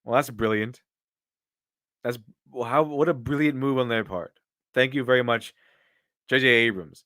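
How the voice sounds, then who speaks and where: A man's voice: medium pitch, moderate pace, fairly bright tone, no echo, studio quality. A man doing casual live-stream commentary and answering viewer donations, with rambling, opinionated talk full of restarts.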